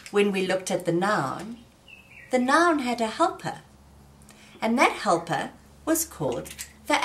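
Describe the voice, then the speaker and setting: A woman teaching young children in a gentle, patient way, often asking them questions. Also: medium pitch. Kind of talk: slow children's lesson.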